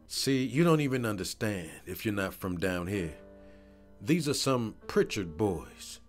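A man narrating a first-person story in a scripted voice-over, animated and profane. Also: medium pitch.

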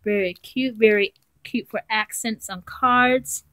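A woman's voice: fairly high pitch, steady tone, slow, fairly bright tone, rough recording. A woman vlogger chatting casually as she unboxes craft supplies, gushing and talking to her viewers. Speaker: craft vlogger reviewing a swap.

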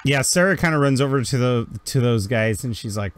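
A man narrating a tabletop game as game master, joking often and slipping into quick character voices. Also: medium pitch, lively intonation, clean tone, dry recording.

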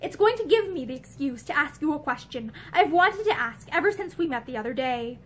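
A woman reading the lines of a young man who questions quietly and persistently. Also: high-pitched, animated, fairly quick, a little hiss or hum. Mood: determined. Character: earnest young Englishman, persistent and probing.

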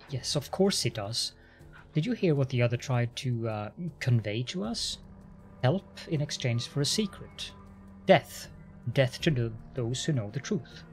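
A man reading the lines of a shaken, grave male inquisitor from a fantasy game, who stumbles and repeats words. Soft music plays under him. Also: mid-range voice, natural voice. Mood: uneasy. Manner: halting, stammers over words.

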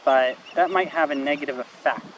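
Soft-spoken man filming outdoors in the wind. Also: a little high, fairly quick, muffled recording. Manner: soft-spoken, musing aloud, soothing coaxing tone toward a bird. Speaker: wildlife videographer. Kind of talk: casual narration while filming. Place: outdoors near a marsh. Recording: outdoor wind and ambient noise. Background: wind, birds and passing vehicles.

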